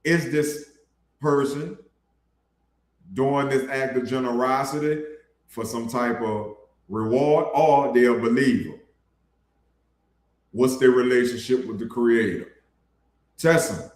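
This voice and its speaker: A man's voice: mid-range voice, slow pace, pauses often, reverberant. A man preaching a blunt, colloquial sermon for his online ministry, calling his listeners bro. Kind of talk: casual street sermon.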